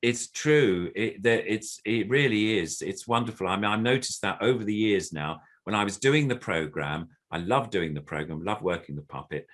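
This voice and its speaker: A man's voice: fairly low pitch, animated, moderate pace, few pauses, a bit bright. An older man, a puppeteer, telling a story in casual conversation, rambling with plenty of fillers and acting out the lines of others. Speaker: puppeteer guest. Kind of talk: casual anecdote.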